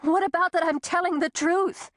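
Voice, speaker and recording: A woman's voice: high-pitched, lively intonation, normal speed, no room sound, studio quality, voice pushed up. A woman voicing a frightened young woman whose tense voice keeps breaking as she pleads. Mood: desperate.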